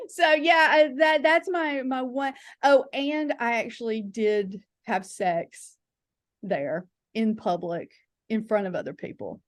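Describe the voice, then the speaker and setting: A fairly high-voiced woman tells frank, chatty comic stories as a podcast guest, slipping into quick acted voices for the people in them. The sound is dry and close, with no room around her. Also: no echo. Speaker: guest comedian. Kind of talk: candid comic storytelling.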